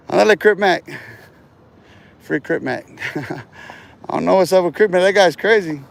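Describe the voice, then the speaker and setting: Brief: male livestreamer, fairly high voice, loose swearing ramble, boastful, laughs a lot, restarts phrases. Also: unhurried, gravelly, long pauses, noisy background. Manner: profane, boastful, laughs between remarks; trails off and restarts words often. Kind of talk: rambling casual livestream talk.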